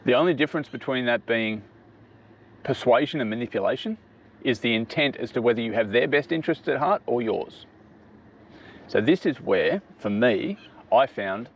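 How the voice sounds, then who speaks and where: A middle-aged man casually giving business advice to his daughter, explaining step by step and often asking "right?" to check she follows. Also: medium pitch.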